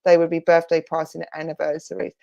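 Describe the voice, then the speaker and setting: A woman's voice: low voice, monotone, fast, creaky, highs cut off. Chatty woman giving a medium reading. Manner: warm, chatty, reassuring, relays messages in spirit's voice. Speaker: spiritualist medium. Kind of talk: live clairvoyant reading. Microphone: online church service stream.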